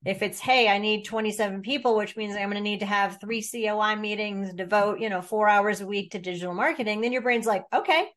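A woman's voice: medium pitch, steady tone, a little fast, hardly any pauses, fairly bright tone. A woman leading a business coaching workshop over a video call. She talks with energy and keeps acting out inner voices as playful little quotes.

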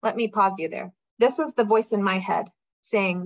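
A woman's voice: medium pitch, normal speed, no echo, lo-fi sound. A woman coaching a group on a video call, direct and encouraging as she guides a participant.

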